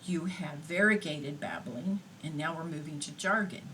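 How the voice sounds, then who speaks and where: A woman giving a recorded lecture in an unhurried, explanatory way, pausing on fillers now and then. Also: sits low, fairly bright tone, a little hiss or hum, rough recording.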